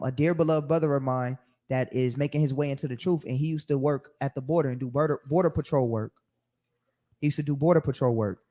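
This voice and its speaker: A medium-pitched man gives an animated Bible teaching in sermon style, telling stories and acting out the voices of other people.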